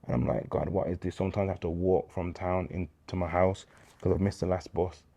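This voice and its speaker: A man in his thirties with a Birmingham accent, a guest telling lively, slang-filled stories in a casual interview. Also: low voice, brisk. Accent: Birmingham English. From England. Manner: animated storyteller, slang-heavy, acts out quoted dialogue.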